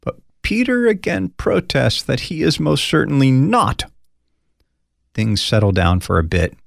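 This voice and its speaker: A man teaching scripture as a pastor, his pitch swinging widely as he acts out quoted lines. His voice carries a gravelly edge, and the recording is dry and close. He adds conversational, folksy asides. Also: very animated, a little slow, dry recording. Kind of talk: Bible study teaching.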